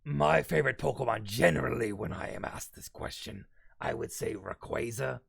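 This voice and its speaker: A man in his thirties voicing a growly, deep male demon while chatting casually on a stream. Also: moderate pace. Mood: menacing-silly. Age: 30s. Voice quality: gravelly, creaky. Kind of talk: casual stream chat in a put-on voice.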